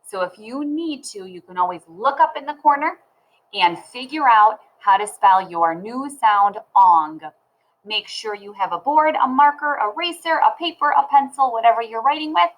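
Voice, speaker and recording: A woman teaching a phonics lesson to young children, sounding words out slowly and clearly. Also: mid-range voice, a bit bright, rough recording.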